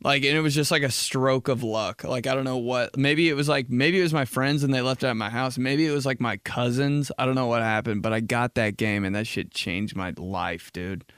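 On his casual solo podcast, a young male host talks fairly quickly and smoothly with few pauses, rambling in an animated way. He leans heavily on "like" and slips into jokey, high put-on voices, all in a dry, studio-quality recording.

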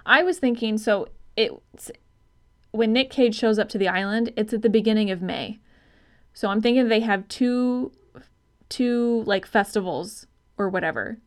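A female podcast co-host in relaxed, unscripted conversation. She thinks out loud in rambling stretches. She swears casually and laughs easily. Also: mid-range voice. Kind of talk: casual film-review chat.

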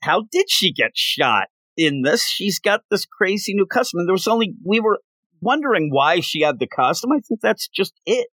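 A man's voice: high-pitched, big pitch swings, moderate pace, sharp tone, no echo. A man co-hosting a comic book podcast, recapping an issue in casual chat and acting out the characters' lines. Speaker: podcast co-host.

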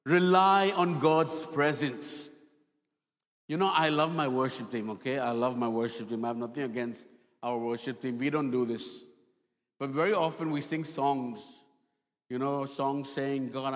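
A man's voice: medium pitch, steady tone, normal speed. A male pastor preaching a sermon, repeating key lines and acting out stories with dramatic voices. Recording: long hall reverb.

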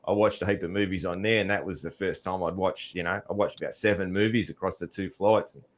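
A man's voice: low-pitched, steady tone, fast talker. A middle-aged Australian man hosting a podcast, chatting in a laid-back, rambling way and laughing often. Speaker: podcast host. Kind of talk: casual chat.

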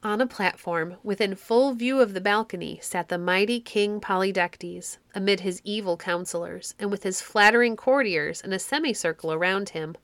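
A woman narrating a classic storybook in a measured, expressive reading. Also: medium pitch, no room sound. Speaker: audiobook narrator.

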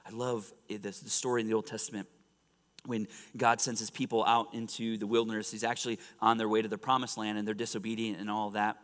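A male pastor preaching a sermon, swinging from loud exclamations to hushed, almost whispered lines. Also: fairly low pitch, flat delivery, fast talker. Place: church sanctuary. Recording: reverberant church sanctuary.

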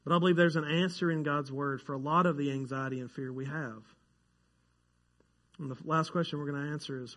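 A pastor delivers his sermon with a fairly high-pitched voice. He speaks in a loose, conversational way and jokes with his congregation. He gets worked up when a fact surprises him. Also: fairly bright tone. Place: church sanctuary.

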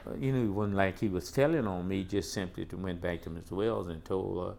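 Gravelly older man telling school stories. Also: sits low, brisk, slight background noise. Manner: animated storyteller, repeats "boy" and "man", acts out quotes. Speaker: interviewee recalling school days. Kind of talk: casual storytelling interview.

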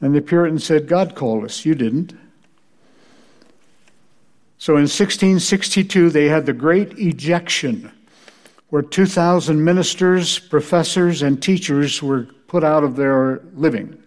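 A man's voice: a little high, measured pace. Wry man lecturing on church history. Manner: dry, wry storytelling. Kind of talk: lecture with humorous anecdotes.

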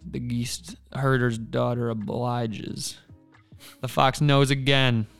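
A man's voice: mid-range voice, fairly even intonation, measured pace, gravelly, smooth, soft background music. A man co-hosting a podcast, retelling a folk tale in a laid-back, rambling casual way. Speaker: podcast co-host. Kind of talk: casual storytelling.

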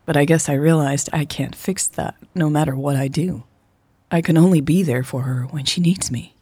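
A woman voicing a thoughtful young woman in sales, speaking in a low, measured way. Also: fairly even intonation, dark tone, breathy edge, no echo. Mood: reflective.

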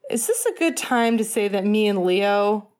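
A woman voicing a blunt, playful young man who speaks slowly. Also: medium pitch, expressive, a little mellow, pitched above the performer's own voice, natural voice. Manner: blunt, slow.

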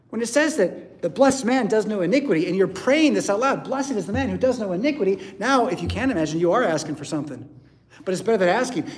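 A male pastor preaching a sermon in a church, conversational, often checking in with "right?" and "yeah?". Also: high-pitched.

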